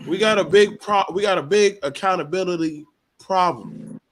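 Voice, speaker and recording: A man's voice: sits high, moderate pace, fairly bright tone, slight background noise. A man hosting a podcast panel, ranting bluntly and swearing a lot. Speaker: podcast host. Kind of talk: heated panel discussion.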